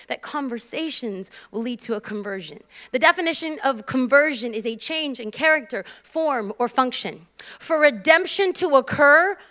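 A woman preaching a sermon as a guest speaker, animated and joking as she tells stories. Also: sits high.

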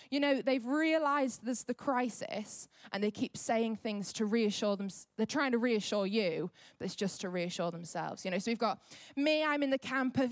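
A young woman delivers a sermon in a fairly high voice. She tells her story with animation and acts out what people said. The sound is dry and close, with no room around it. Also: moderate pace, no room sound. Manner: animated storyteller acting out quotes. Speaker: preacher.

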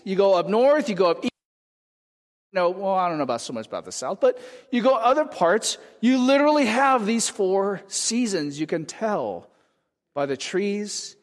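A man from California preaching a sermon in a conversational way, often checking in with the congregation with "right?". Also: high-pitched. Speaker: pastor. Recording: long hall reverb.

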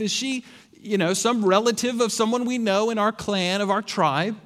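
A man's voice: high voice, moderate pace, a bit bright. A man preaching a sermon, with rhetorical questions and dry sarcastic asides. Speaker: pastor.

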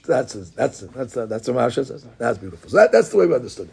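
A man's voice: mid-range voice, sing-song, very fast, creaky, a little mellow, husky. A middle-aged man, a rabbi, gives an informal Torah class, talking conversationally with digressions and many restarts.

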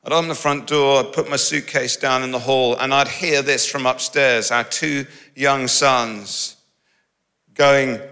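A middle-aged man preaches a sermon in a large hall, his bright, forceful, medium-pitched voice ringing with long reverb. He speaks a little slowly with few pauses, in a lively, conversational style, slipping humorous asides between points.

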